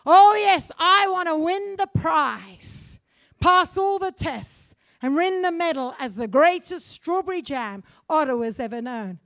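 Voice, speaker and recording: Woman playing a tiny male strawberry, keen and then desperate, pitched very high, close and dry; sermon story figure. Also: expressive, measured pace, dry recording, exaggerated voice. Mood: eager. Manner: pleading, shouting complaints.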